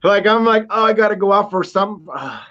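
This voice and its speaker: A man joining a live stream as a guest, excitable and stammering, laughing through his stories. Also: sits high, brisk. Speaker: viewer guest. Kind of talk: casual live stream chat. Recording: dull lo-fi stream audio.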